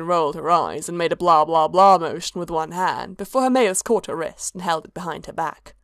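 A woman's voice: lowish voice, moderate pace, hardly any pauses, no echo. Woman narrating a story, dry close sound.

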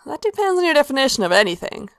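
A smug, carefree male demon prince of indulgence, as a woman reader puts him on, breezy and teasing in a storybook reading. The voice sits high and lilting for a man, with a gravelly, creaky edge and a dry, close sound. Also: big pitch swings, rapid-fire, fairly bright tone, no room sound, full character voice. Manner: breezy, teasing delivery, lifted well above her narration.

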